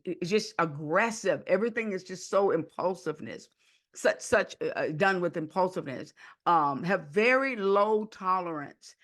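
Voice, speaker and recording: A woman hosting a podcast, teaching in a lively way with many repeated words and restarts, sometimes acting out rude people in a raised voice. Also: fairly low pitch, normal speed. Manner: animated, acts out rude people in a raised, whiny voice. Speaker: podcast host and counselor.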